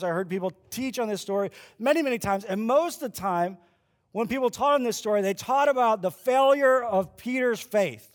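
A man preaching a sermon as a pastor, telling the story lively and acting out the lines people say. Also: sits high. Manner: animated storyteller who acts out quoted lines. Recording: long hall reverb.

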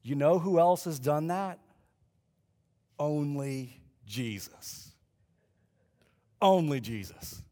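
A man preaching a sermon as a pastor, telling the story lively and acting out the lines people say. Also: fairly high pitch, slow pace, pauses often. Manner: animated storyteller who acts out quoted lines. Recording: long hall reverb.

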